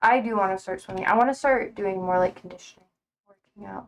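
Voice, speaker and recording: A woman's voice: on the high side, moderate pace, pauses often. A young woman live streaming from home, chatting casually in a rambling, easygoing way, swearing offhandedly and laughing easily.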